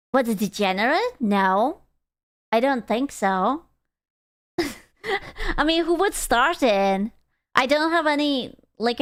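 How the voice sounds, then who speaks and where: A woman's voice: on the high side, clear, resonant tone, no echo, clean studio sound. A young adult woman, chatting on a live stream in a playful, crude, giggly way. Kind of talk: casual stream chat reading chat.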